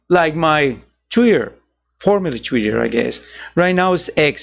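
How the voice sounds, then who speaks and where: A man's voice: on the high side, lively intonation, normal speed, gravelly. A man hosting a digital art channel, chatting casually to viewers in a rambling way, correcting himself and chuckling at his own asides. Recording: dull lo-fi sound.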